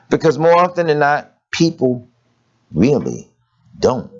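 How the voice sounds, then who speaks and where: Lively, laughing preacher man. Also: on the high side, measured pace. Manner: lively conversational preaching with rhetorical questions and laughter. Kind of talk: sermon. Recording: dull lo-fi recording.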